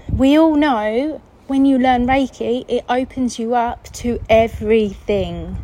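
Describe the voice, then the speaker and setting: A woman's voice: on the high side, darkish tone, a little hiss or hum, low-quality recording. Chatty English woman telling a story. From England. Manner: chatty, acts out quoted voices, laughs often. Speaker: podcast host. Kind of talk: casual storytelling.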